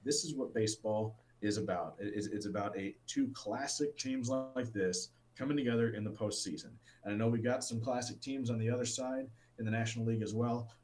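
A man's voice: medium pitch, a little fast, few pauses, darkish tone, slight background noise, rough recording. A man co-hosting a casual sports talk show, enthusiastic and rambling, with plenty of restarts. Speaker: sports podcast co-host.

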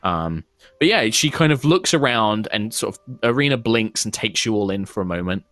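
A man's voice: moderate pace, no echo, soft background music. A man narrating as game master of a tabletop game, descriptive and filler-heavy. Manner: descriptive, many fillers, expressive pitch.

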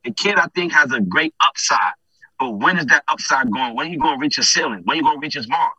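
A man with a very bright, forceful voice and a husky edge, talking in an animated, storytelling way. He is a streetball game announcer who keeps asking his listeners whether they understand. The sound is close and dry. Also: mid-range voice, quick pace, no room sound, lo-fi sound. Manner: animated, re-enacts conversations in quoted voices; repeats "you understand?" often. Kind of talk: casual podcast chat.

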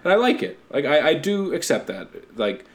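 Pitched fairly high and very animated, a Canadian man talks at normal speed as co-host of an easygoing podcast. He's recommending a show, and his talk meanders, full of swearing, frequent laughter and silly put-on accents.

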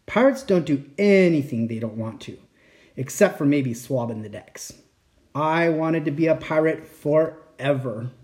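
Man reading a bedtime story aloud, lively pitch, expressive. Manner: expressive, animated.

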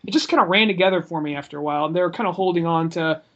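Higher-voiced man cracking wry jokes. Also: racing, gravelly, a bit bright, highs cut off. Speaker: podcast co-host. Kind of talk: casual chat.

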